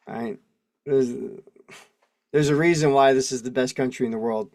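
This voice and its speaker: A man's voice: mid-range voice, brisk, no echo. Chatty man with a dry close sound. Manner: chatty, rambling, laughs often, reads case text aloud. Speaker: host. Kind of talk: casual legal commentary livestream. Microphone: video call mic.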